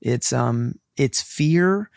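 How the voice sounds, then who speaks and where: A man's voice: mid-range voice, lively intonation, very slow, vocal fry, dry recording, studio quality. A man co-hosting a podcast, speaking in a reflective, candid way and laughing easily. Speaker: podcast co-host. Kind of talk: casual chat.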